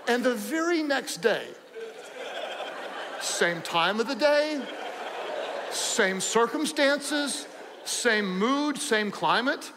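A man preaching a sermon as pastor, animated and joking, repeating phrases for emphasis. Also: extremely high pitch, slow pace, pauses often, in a large hall, a crowd in the background, noisy background.

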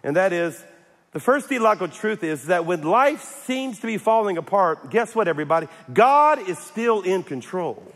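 Higher-voiced male pastor, casual and humorous sermon, often restarting, echo from the hall. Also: sing-song, moderate pace, fairly bright tone. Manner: humorous, repeats and restarts, calls for amens. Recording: echoey hall.

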